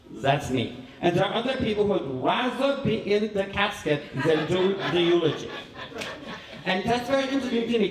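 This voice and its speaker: A flamboyant, self-adoring cabaret host, played by a man rambles through theatrical, self-mocking stories in a vague put-on European accent. His voice sits high. The sound is roomy and distant, as if the mic were across a small live venue. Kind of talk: live stand-up monologue.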